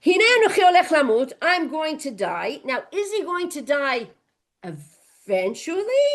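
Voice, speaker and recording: Woman Torah teacher, high and very animated voice, question-and-answer classroom style. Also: a little fast. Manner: asks the class questions and answers them, quoting verses. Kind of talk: classroom text study.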